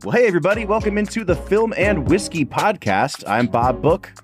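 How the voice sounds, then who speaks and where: A man's voice: sits high, very animated, a little fast, over loud music. A man co-hosting a casual podcast, upbeat and explaining things to listeners. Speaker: podcast co-host.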